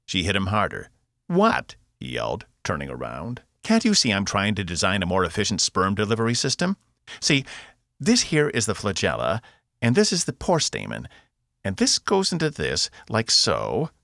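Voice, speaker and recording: Man playing a brash shouting robot, high and strained, gravelly edge, audiobook. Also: wildly swooping pitch, normal speed, dry recording, studio quality, exaggerated voice. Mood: indignant. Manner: shouting, defiant. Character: loud brash male robot.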